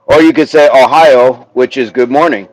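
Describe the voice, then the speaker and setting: A man hosting a casual livestream outdoors, chatting with his viewers, reading their comments aloud and slowly sounding out words. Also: medium pitch, a little mellow, poor audio. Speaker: livestream host. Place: outdoors, windy, a tree behind him.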